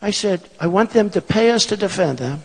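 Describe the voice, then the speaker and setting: A man's voice: high-pitched, animated, brisk, gravelly, breathy edge. A man in his sixties giving a repetitive, emphatic and boastful rally speech in a large hall. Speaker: political candidate speaking at a rally. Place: large performing arts hall. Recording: long hall reverb.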